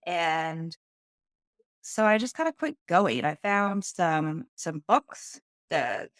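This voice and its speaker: Podcast guest, woman, lower voice, candid and earnest storyteller, dry close sound. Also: big pitch swings, slow pace, no echo. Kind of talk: personal storytelling.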